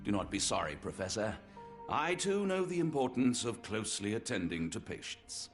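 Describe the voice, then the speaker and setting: An actor playing a formal Victorian doctor. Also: male voice, lowish voice, big pitch swings, moderate pace. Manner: formal, flustered when improvising. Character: proper Victorian doctor and loyal sidekick. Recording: game music underneath.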